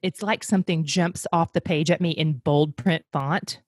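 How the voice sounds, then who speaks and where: A woman from the United States talking casually as an interview guest, animated and fond of acting out voices. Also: low-pitched, normal speed, husky, dry recording, studio quality. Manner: animated, acts out voices when telling a story.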